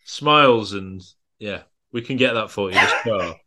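A man's voice: fairly low pitch, moderate pace, a loud crowd. A man hosting a casual film-review podcast, chatty and rambling, often trailing off mid-thought. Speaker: podcast host.

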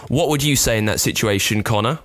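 A man co-hosting a podcast, telling stories in a casual chat with an animated, jumpy delivery. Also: mid-range voice, a little fast. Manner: animated, jumpy storytelling with lively swings. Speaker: podcast co-host.

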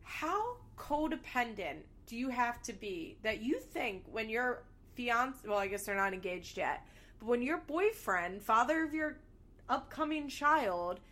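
A woman's voice: on the high side, big pitch swings, unhurried, fairly bright tone. A young woman casually recapping a reality show, candid and sarcastic, swearing freely as she gossips about the cast.

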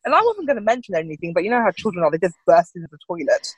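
A woman in her forties chatting as a guest in an interview, lively and quick to laugh. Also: fairly low pitch, a crowd in the background, low-quality recording. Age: 40s. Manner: lively, laughs often, acts out voices in anecdotes. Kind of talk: casual interview chat.

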